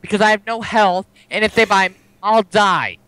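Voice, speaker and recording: A man's voice: high voice, moderate pace, bright, forceful tone, clear, resonant tone, no room sound. A young man complaining and cursing in frustration while gaming with a friend. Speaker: gamer. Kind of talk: casual multiplayer gaming chat.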